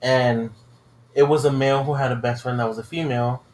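A man's voice: medium pitch, fairly even intonation, fairly quick, darkish tone, roomy sound, slight background noise. A man co-hosting a podcast, telling profane, rambling stories in casual chat. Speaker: podcast co-host.

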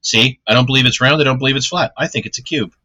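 A man co-hosting a podcast in casual chat, cracking deadpan one-liners. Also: medium pitch, fast talker, muffled recording. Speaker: podcast co-host.

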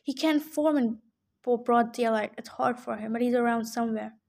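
A curt, brooding boy who is impatient with everyone, as a woman reading a storybook aloud gives him voice. His lines come clipped and insistent, at a high pitch. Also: normal speed, gravelly, a little mellow.

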